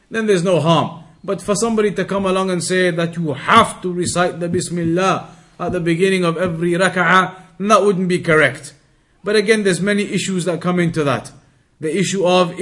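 A man explaining a hadith text as a teacher, methodical and repetitive, reading Arabic passages quickly. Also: high-pitched, a bit bright. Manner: methodical, repeats key points, reads Arabic passages quickly. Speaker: Islamic teacher.

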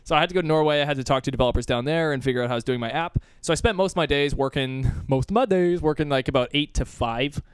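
Young guy from canada rambling on his podcast, quick and kinda high, smooth voice. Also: dry recording, clean studio sound. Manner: rambling, laughing, playful. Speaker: podcast co-host. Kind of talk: casual chat.

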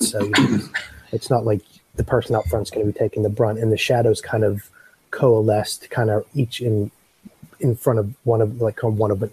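Man, game master, mellow dark tone, rambling, filler-heavy narration. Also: on the low side, slight background noise, rough recording. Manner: rambling, many fillers and restarts.

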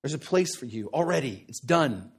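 A man's voice: medium pitch, animated, moderate pace, breathy edge. A man preaching a sermon in a conversational, earnest way, often checking in with "right?" and repeating short phrases for emphasis.

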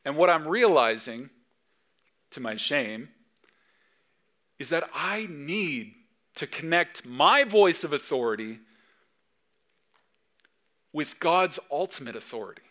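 Bright-voiced man preaching a sermon. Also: fairly high pitch, sing-song, slow pace, long pauses. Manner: emphatic preaching, swinging between loud and soft; acts out dad talking to his kids. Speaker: pastor.

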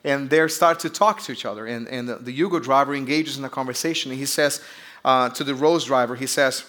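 A man's voice: mid-range voice, fairly quick, bright, forceful tone. A man from Brazil with a Brazilian accent, preaching a sermon as pastor in a chatty, joking storytelling way with call-outs to the audience.

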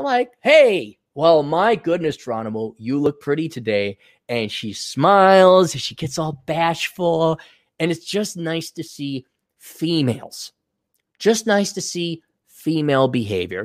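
A man's voice: on the high side, no echo, studio quality. A man hosting a rambling livestream, talking crudely and ranting, and acting out other people's voices in quotes. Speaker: show host reading superchats.

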